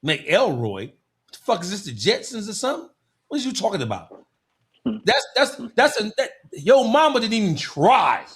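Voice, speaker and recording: A man hosting a podcast who goes on an animated, mocking rant, full of profanity, and says he gets excited easily. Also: high-pitched, moderate pace. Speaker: podcast host.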